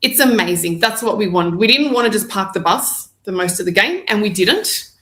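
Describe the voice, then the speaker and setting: A woman, a podcast guest, talking football with enthusiasm in long, excited stretches. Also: medium pitch, moderate pace, reverberant. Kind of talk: casual football chat.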